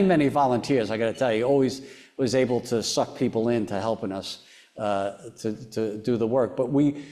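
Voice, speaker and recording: A man's voice: mid-range voice, mellow. Earnest man telling a personal story. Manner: earnest, halting, with many restarts and fillers. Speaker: foundation chairman, interview guest. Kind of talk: personal storytelling in an onstage interview.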